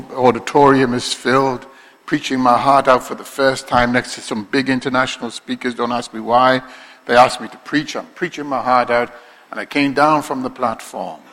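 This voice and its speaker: Bright-voiced Liverpool preacher in a reverberant hall. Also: male voice, mid-range voice. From Liverpool, England. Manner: swings from quiet asides to loud, slow, stretched proclamations. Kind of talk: sermon.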